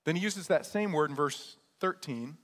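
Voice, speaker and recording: A man's voice: a little high, animated, normal speed, a bit bright. A man, a pastor, preaching a sermon in a conversational way, often checking in with his listeners. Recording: long church reverb.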